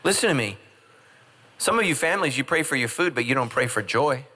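Man, pastor, humorous sermon, bright voice, jokey, acts out voices. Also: mid-range voice, lively intonation, brisk.

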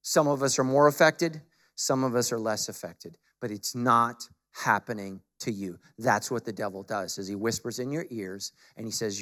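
A male pastor preaching a sermon, moving from casual storytelling to forceful, emphatic exhortation. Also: medium pitch, normal speed.

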